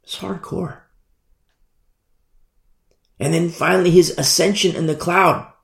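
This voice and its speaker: A man's voice: fairly high pitch, fairly even intonation, slow, vocal fry, a bit bright, roomy sound. A male pastor preaching a fiery sermon and acting out scenes from scripture.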